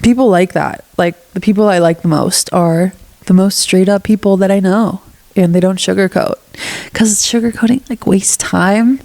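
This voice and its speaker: A woman's voice: medium pitch, normal speed. A young woman hosting a solo podcast with a stuffy nose, talking candidly and casually, swearing now and then and acting out what she would say. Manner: candid, animated, swears casually, acts out quoted lines. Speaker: podcast host.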